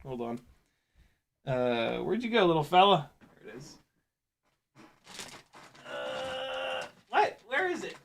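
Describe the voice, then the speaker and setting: A young man giving casual running commentary while flying a drone, excitable, often exclaiming and laughing, swearing casually. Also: high-pitched, slow, gravelly, long pauses. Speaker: FPV drone pilot and video host.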